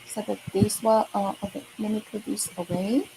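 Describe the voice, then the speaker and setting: A woman with a Chinese accent teaching Mandarin to children in a slow, patient online lesson, repeating words and filling gaps with okay and right. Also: mid-range voice, flat delivery, gravelly, heavy background noise.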